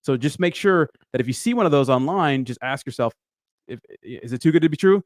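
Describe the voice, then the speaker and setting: A man co-hosting a casual talk show, agreeable and quick to chime in. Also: mid-range voice, animated, no room sound, studio quality. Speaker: co-host. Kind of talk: casual podcast chat.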